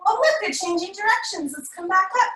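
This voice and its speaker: A woman's voice: very high voice, brisk, pushed and bright. A woman instructor leading a family yoga class, playful and encouraging with sing-song cues. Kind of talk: guided kids' yoga class. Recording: echoey room, voice from a distance.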